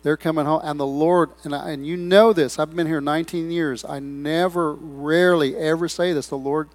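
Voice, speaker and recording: A middle-aged man preaching a sermon in a church, breaking into loud swells and rambling asides. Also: on the high side, steady tone, moderate pace. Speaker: pastor. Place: church sanctuary.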